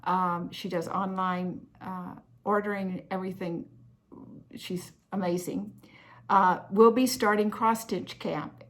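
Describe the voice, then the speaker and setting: A woman's voice: medium pitch, fairly bright tone. A woman hosting a cross-stitch vlog, chatting in an effusive, heartfelt way about gifts she received. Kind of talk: casual chat showing happy mail.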